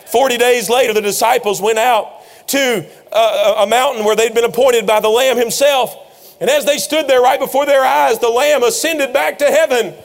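A man preaching a sermon, retelling scenes with rising passion and frequent shouts. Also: very high voice, fairly even intonation, moderate pace, gravelly. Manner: impassioned storytelling preacher, often shouting.

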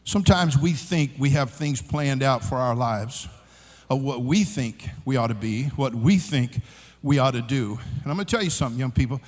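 Animated preacher in a big hall. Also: male voice, medium pitch, moderate pace, hardly any pauses. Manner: animated storytelling, shouting and laughing. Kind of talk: sermon with a comic story. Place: large conference hall. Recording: long hall reverb.

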